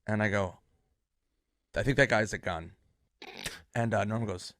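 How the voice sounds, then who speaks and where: Bright, dry-sounding man telling a story. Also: medium pitch, normal speed, dry recording. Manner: rambling, self-mocking, acts out others loudly. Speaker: comedian telling a backstage story. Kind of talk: anecdote on a podcast.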